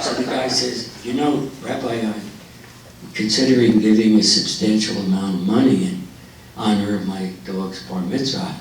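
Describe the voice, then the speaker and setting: A man telling jokes to a live audience, unhurried, louder on the punchlines. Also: mid-range voice, steady tone, a little hiss or hum. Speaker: joke teller. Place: forum hall. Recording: echoey hall, voice from far off.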